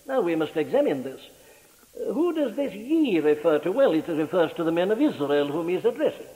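A man preaching a sermon in an impassioned, rhetorical way, his pitch sweeping up on key words. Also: very animated, normal speed, darkish tone, long reverb tail, poor audio.

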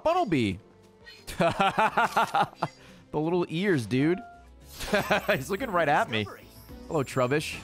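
A man doing casual game commentary, fast to get excited and quick to curse. His voice sits a little high and leaps around constantly, with faint game music underneath. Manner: excitable, swears freely, yells at game creatures. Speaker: gaming streamer. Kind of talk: casual let's-play commentary.

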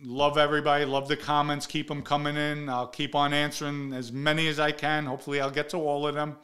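A man's voice: a little high, monotone, quick pace, sharp tone. An older man from the Bronx, hosting a show and telling stories in a blunt, profane, casual way, raising his voice when he acts out quotes. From the Bronx, New York. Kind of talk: casual storytelling monologue.

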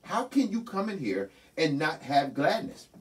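A man preaching a sermon as pastor, talking to the congregation in a conversational way with sudden jumps in pitch. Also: big pitch swings, a little slow, distant mic, a little hiss or hum. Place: church sanctuary.

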